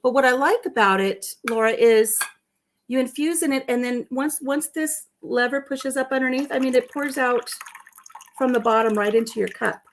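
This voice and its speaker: A chatty woman with a slightly high voice hosts a relaxed live stream. She reads out viewer comments and answers them one by one, and drifts into a story with soft asides. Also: normal speed, a little hiss or hum. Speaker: vlogger hosting a live stream. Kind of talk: casual live-stream chat.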